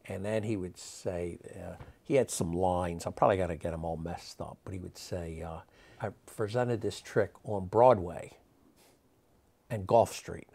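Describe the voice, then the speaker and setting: Brief: male historian, low gravelly voice, rambling, filler-heavy anecdotes in an interview. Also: darkish tone. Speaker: magic historian. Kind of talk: interview storytelling.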